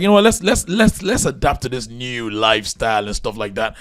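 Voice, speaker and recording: A young man from Nigeria, a podcast guest, telling stories in casual chat, animated and laughing, acting out voices. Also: medium pitch, fast talker, vocal fry, hardly any pauses. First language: not English.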